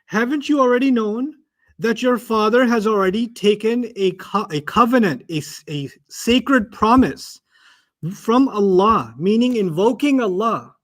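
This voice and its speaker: A male teacher giving a Quran lecture, animated, acting out bits of dialogue and asking rhetorical questions. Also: high-pitched, unhurried.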